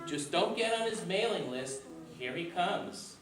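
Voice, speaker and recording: A man playing a joke-telling emcee in an amateur comedy play, who delivers deadpan one-liners. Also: high-pitched, measured pace. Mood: joking. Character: jokey showman host, male, grown man. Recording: distant voice in a noisy echoey hall with audience.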